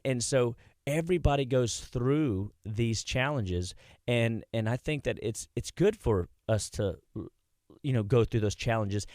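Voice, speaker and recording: A man's voice: medium pitch, a little mellow, no room sound, clean studio sound. A man working at a health clinic, a guest on a radio show, telling rambling anecdotes with many restarts in a casual chat. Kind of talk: casual radio interview storytelling. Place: radio studio.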